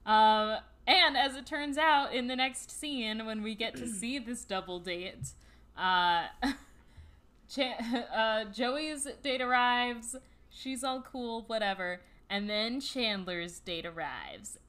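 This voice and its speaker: A woman's voice: fairly high pitch, slow pace, fairly bright tone. Giggly woman podcast co-host. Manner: giggly, recaps scenes with playful build-ups. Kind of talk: casual chat.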